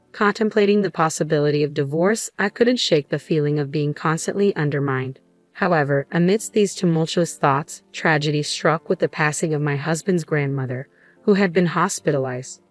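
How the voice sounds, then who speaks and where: Female narrator for a first-person story, low and measured, quiet music underneath. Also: dry recording.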